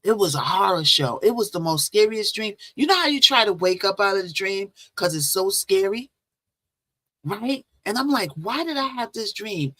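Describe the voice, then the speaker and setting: A livestream host tells a long dream story in a chatty, rambling way, stopping to greet viewers. She speaks at normal speed in a mid-range voice that is bright, forceful and lively in intonation. The recording is dry, captured on a phone or laptop with Bluetooth.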